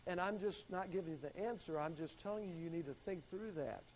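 Man, high voice, Bible class teacher, calls on students and leans hard on key words. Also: a little fast, a little mellow, a little hiss or hum, rough recording. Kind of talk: classroom Bible lesson with questions.

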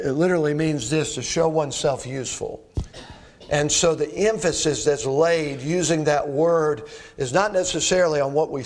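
A middle-aged pastor preaches a sermon in a fairly high voice. He speaks straight to his congregation in a folksy manner, posing rhetorical questions.

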